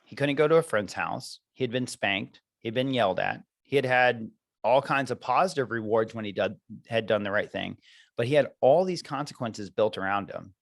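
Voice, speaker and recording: A man's voice: mid-range voice, expressive, normal speed, creaky, dry recording. Earnest guy coach talking about raising his kid, lots of likes and you knows, dry close sound. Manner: earnest, reflective storytelling with many fillers. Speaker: parenting coach, guest. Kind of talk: candid podcast conversation.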